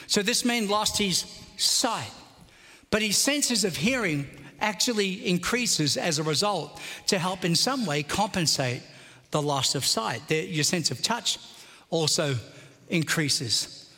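A man's voice: high voice, lively intonation, slow, pushed and bright, in a large hall. A male pastor preaching a fervent sermon and urging his congregation to respond.

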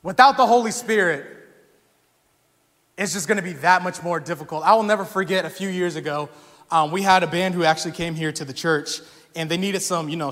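A young man preaching a sermon in a church, talking casually and telling stories with animated energy that rises to shouts. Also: sits high. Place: church sanctuary. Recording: long hall reverb.

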